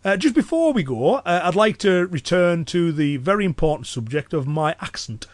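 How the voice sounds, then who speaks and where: A man with a Cumbrian accent hosting a podcast alone, talking in a relaxed, chatty way with lots of fillers. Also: sits high, moderate pace, no echo. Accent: Cumbrian English. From Cumbria, northwest England. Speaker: podcast host and self-protection instructor. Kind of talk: solo podcast talk.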